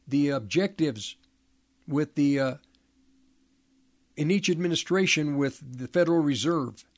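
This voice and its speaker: Preaching alone, a man with a slightly high voice stumbles frequently, going back over words or starting them again. He hammers his arguments with emphatic rhetorical questions.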